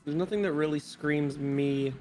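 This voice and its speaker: A man's voice: a little high, normal speed, warm tone, faint music behind. A man chatting and laughing with friends while playing an online game, rambling through casual asides. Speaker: gaming friend. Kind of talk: casual gaming chat.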